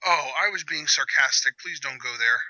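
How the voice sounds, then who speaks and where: A man hosting a casual live reaction chat, with sarcastic, quick banter. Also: medium pitch, sharp tone, no room sound. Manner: sarcastic, fast-talking banter. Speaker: channel host. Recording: dull lo-fi audio.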